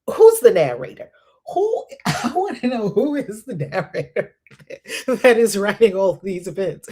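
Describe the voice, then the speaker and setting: Woman host, husky edge, bouncy animated pitch, constant amused laughter in casual commentary. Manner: laughs often, incredulous and animated. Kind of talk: casual commentary on scripture reading.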